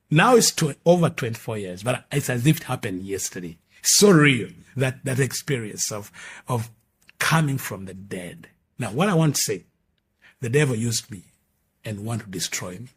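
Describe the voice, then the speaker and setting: A Ugandan man around fifty, an apostle, earnestly telling his conversion story as a sermon, shifting between loud declarations and hushed moments. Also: mid-range voice, breathy edge. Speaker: apostle giving his testimony. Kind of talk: preached personal testimony.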